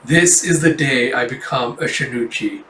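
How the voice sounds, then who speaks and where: A man's voice: medium pitch, moderate pace, a bit bright, slight background noise, lightly acted. A man reading the heartfelt monologue of an earnest, struggling performer who is also a father. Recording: roomy, distant mic.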